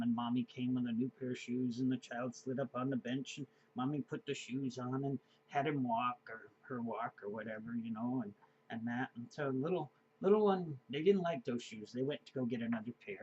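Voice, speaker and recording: A man's voice: mid-range voice, a little mellow, dull audio, a little hiss or hum. A man in his fifties telling a personal story in a casual, rambling way, with many fillers and chuckles. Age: 50s. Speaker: vlogger.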